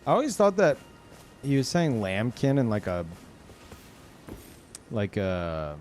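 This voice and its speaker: A man streaming a video game, chatting casually, rambling and searching for words with swearing and quick laughs. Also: medium pitch, wildly swooping pitch, a little mellow, faint music behind. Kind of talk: casual chat while gaming.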